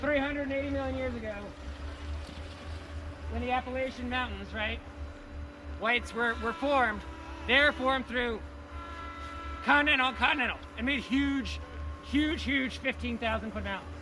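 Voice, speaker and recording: A male science teacher giving a playful, energetic hands-on lesson outdoors in the snow, repeating key words. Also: extremely high pitch, measured pace, long pauses, noisy background.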